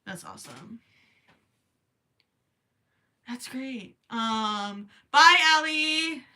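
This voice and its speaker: The host, a young woman from Minnesota, draws out her words in a fairly high, expressive, pushed and bright voice. She crochets on a late-night stream, giggling, chatting, and reading viewer comments, though she's tired and fears her voice may give out.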